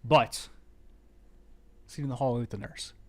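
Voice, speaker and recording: A man's voice: mid-range voice, measured pace. A man hosting a podcast, chatting casually and enthusiastically about a movie, acting out scenes as he goes. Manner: enthusiastic, acts out scenes in quoted voices. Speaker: podcast host.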